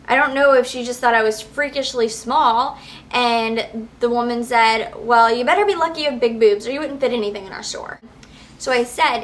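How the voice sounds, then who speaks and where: A woman's voice: a little high, fairly bright tone. A young woman vlogging, casually retelling a frustrating shopping trip and acting out the quotes with exasperation. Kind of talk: casual storytelling to camera.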